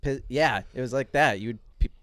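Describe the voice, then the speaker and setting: A man's voice: mid-range voice, a little fast, fairly bright tone, dry recording. A man co-hosting a casual podcast, jokey and loose, with lots of "like" fillers. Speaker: podcast co-host. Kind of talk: casual chat.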